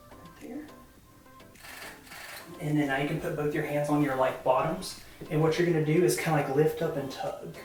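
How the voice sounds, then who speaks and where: In a low, somewhat dark voice, a Southern American woman runs a boudoir photo shoot, guiding poses in a bright, talkative manner with plenty of fillers. The recording comes from a roomy indoor studio, echoey, with the mic far off and music faintly audible.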